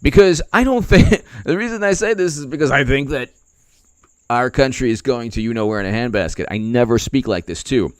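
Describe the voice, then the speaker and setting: A man's voice: mid-range voice, clear, resonant tone, no echo. A man hosting casual political commentary, rambling with many fillers and slipping into mocking impressions.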